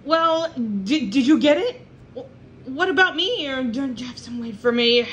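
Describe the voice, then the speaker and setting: A gentle young cartoon dog, played by a woman in a homemade puppet show, talking slowly and haltingly with hesitant restarts. The voice sits fairly high. Faint room noise hums behind it. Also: lively intonation.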